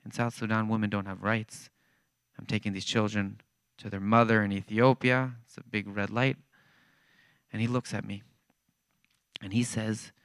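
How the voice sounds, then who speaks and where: A man giving a church talk as animated, conversational storytelling. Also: on the low side, measured pace, vocal fry, pauses often, clean tone, dry recording. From Israel. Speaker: guest speaker. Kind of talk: storytelling testimony.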